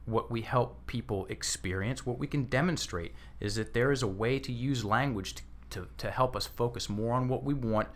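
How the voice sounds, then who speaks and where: A man in his thirties speaks as a guest on an interview show, explaining his coaching work through a story. His delivery is animated and conversational, and he acts out the lines of the people he quotes. He often restarts his sentences midway. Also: mid-range voice.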